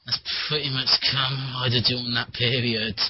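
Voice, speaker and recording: A man talking in a rambling, animated casual chat, swearing freely, on a muffled lo-fi recording. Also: mid-range voice, normal speed, a little hiss or hum.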